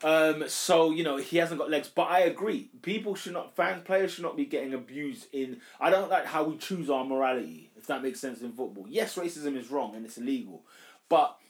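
A man's voice: fairly high pitch, moderate pace. A man co-hosting a casual football chat, loose and chatty, trailing off and restarting sentences. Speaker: podcast co-host.

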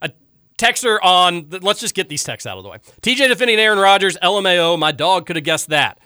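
A man's voice: high-pitched, clean tone, dry recording, clean studio sound. A man hosting a talk show, reading listener texts aloud and ranting emphatically in casual chat. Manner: animated, emphatic and quick to rant. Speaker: radio talk show host.

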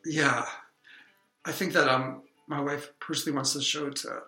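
A man co-hosting an improvised comedy podcast, rambling in a deadpan tone with hesitant ums. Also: a little high, moderate pace, echoey room, faint music behind.

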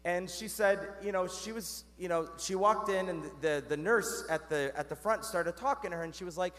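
A Catholic priest preaches a sermon in a church, earnest and conversational, asking the congregation questions and calling them "guys". His voice sits high and is a bit bright, moving at normal speed with hardly any pauses, under the church's long reverb.

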